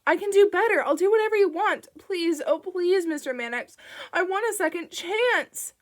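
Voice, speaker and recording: A woman's voice: lively intonation, normal speed. A woman voicing a desperate, childlike grown man who begs and screams. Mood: desperate pleading. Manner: shrill, begging, screaming.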